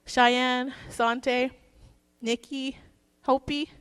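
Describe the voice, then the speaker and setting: A woman's voice: sits high, level tone, very slow, fairly bright tone, smooth. A woman giving a casual, joking eulogy for her father at a church service, telling stories in a chatty way. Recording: long reverb in a church hall.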